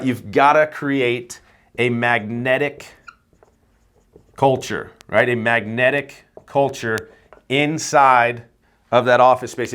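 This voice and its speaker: A man's voice: mid-range voice, a bit bright. A man who runs an insurance agency, talking casually to camera and coaching agents in a loose, rambling way, often tagging "right?" on his points. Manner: casual, swears offhand. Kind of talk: casual vlog talk.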